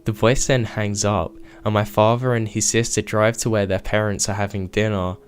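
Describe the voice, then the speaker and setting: A man narrating true scary stories in a measured, scripted storytelling delivery. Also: fairly low pitch, level tone.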